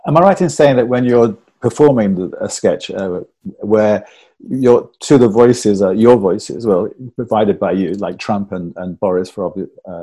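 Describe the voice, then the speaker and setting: A male podcast host asking long, careful questions in a polite, measured way. His voice sits fairly low and sounds dark and mellow. He moves through each question steadily. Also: breathy edge. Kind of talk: interview questions.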